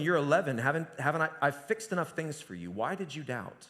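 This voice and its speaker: A man preaches a sermon in a church sanctuary, telling the story in a relaxed, conversational way. He often drops to a quiet, hushed voice. His voice sits a little high, and a long reverb from the hall trails behind each phrase. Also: fast talker, hardly any pauses. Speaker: pastor.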